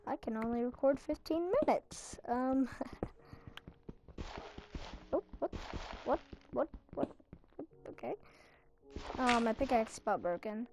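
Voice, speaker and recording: A woman's voice: on the high side, slow, long pauses, background noise. A young woman giving rambling, self-mocking commentary while playing a game. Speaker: gaming channel host. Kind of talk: casual Minecraft commentary.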